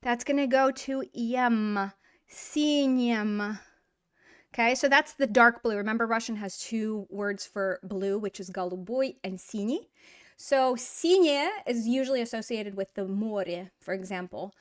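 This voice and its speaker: A woman teaching a grammar lesson in a chatty, encouraging way, asking rhetorical questions and slowly drawing out example words. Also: a little high. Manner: drawn-out model pronunciation of example words. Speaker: Russian language teacher.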